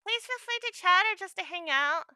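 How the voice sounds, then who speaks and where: A woman's voice: very high voice, animated, normal speed, pushed and bright, no echo, studio quality. A young woman chatting casually on a home livestream, laughing often and acting out her own quotes. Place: home room.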